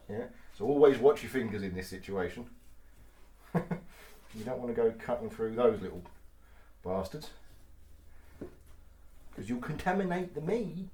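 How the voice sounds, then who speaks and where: A man chatting and swearing casually as he cuts meat in his home kitchen. He laughs often and gets loud and then quiet. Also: on the low side, animated, normal speed, pauses often. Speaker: vlogger. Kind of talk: casual cooking vlog. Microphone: mic on the kitchen table.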